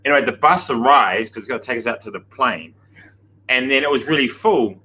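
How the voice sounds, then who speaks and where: A man, chatting casually and telling a rambling, animated anecdote on a breakfast show. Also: medium pitch, a little fast, slight background noise, poor audio. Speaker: gym coach on breakfast show. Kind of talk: casual storytelling banter.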